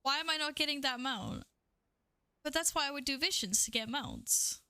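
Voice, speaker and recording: A woman's voice: high voice, animated, moderate pace, pushed and bright, dry recording, studio quality. A woman game streamer chatting casually with her viewers while playing, giggly and talkative. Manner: chatty, giggly, talks to chat and herself. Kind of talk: casual live-stream chat while gaming.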